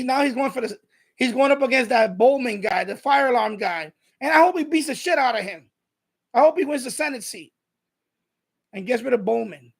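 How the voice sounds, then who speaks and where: A man's voice: very high voice, gravelly, breathy edge. A man, hosting a live stream, ranting bluntly and combatively with lots of swearing. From New York. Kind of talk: casual ranting monologue.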